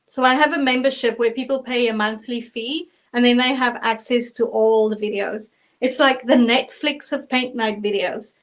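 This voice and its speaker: A South African woman with a South African accent talks viewers step by step through a live acrylic painting tutorial as the instructor. Her voice is on the high side, fairly even, at a moderate pace, in a low-quality recording.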